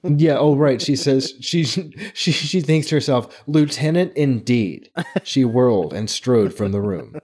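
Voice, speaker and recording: A man co-hosting a podcast, casually retelling book scenes with lively acted-out quotes and frequent laughter. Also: medium pitch, measured pace, few pauses, slightly rough. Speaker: podcast co-host.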